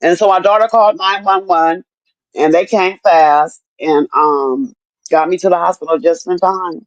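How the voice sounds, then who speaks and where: A woman's voice: fairly low pitch, fairly even intonation, moderate pace, no echo, dull audio. An older woman and grandmother speaking candidly in a casual chat, often repeating herself and cursing freely. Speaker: stroke survivor sharing her story.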